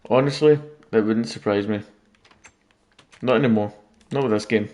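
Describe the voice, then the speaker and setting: A man with a fairly low, slightly mellow voice speaks at a moderate pace while casually commenting on his gameplay late at night. He's a gaming YouTuber who rambles and jokes with his viewers as he plays.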